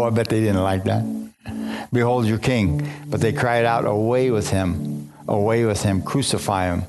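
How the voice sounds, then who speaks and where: A man preaching a sermon, reading scripture aloud and breaking off into fervent commentary, often restarting his phrases. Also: medium pitch. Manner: fervent, repeats and restarts phrases, asks the congregation. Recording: music playing behind.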